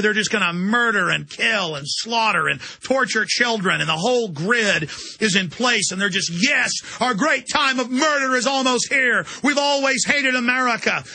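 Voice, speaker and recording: A man on his own show, ranting with relentless intensity and stumbling over repeated words as he pushes on. His voice is gravelly and strained, with a sharp, tight edge. It sits high for a man. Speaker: radio host. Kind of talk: angry political rant.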